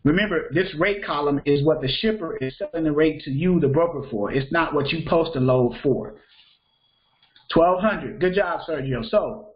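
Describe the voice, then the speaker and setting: A man's voice: a little high, dull audio. A man teaching a live freight broker training class, talking casually, repeating himself and checking that students follow. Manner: conversational, repeats phrases, checks understanding with questions.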